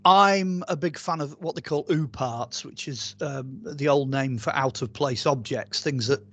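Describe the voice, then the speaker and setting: A man from the UK, an archaeologist and author telling stories as a guest in a casual interview, chatty and animated, rambling with many fillers and restarts. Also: mid-range voice, measured pace.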